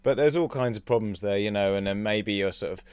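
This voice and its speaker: A man's voice: lowish voice, brisk, a little mellow, clean tone, no echo. A man, recorded dry and close. He hosts a comedy podcast and teases his guest with playful what-if riffs, keeping the chat casual. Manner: playful, teasing, hypothetical riffs. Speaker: podcast host.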